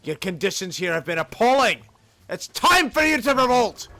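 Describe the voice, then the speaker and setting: A man's voice: sits high, very animated, normal speed, pushed and bright, pitched above the performer's own voice, exaggerated voice. A man voicing a fiery union organizer in a put-on Scottish accent, declaiming rousing speeches to workers.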